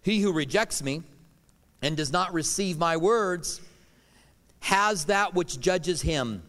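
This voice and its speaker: Middle-aged guy preaching, kinda higher voice, earnest, goes loud then real quiet, long church echo. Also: expressive, slow. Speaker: pastor. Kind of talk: sermon. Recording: long hall reverb.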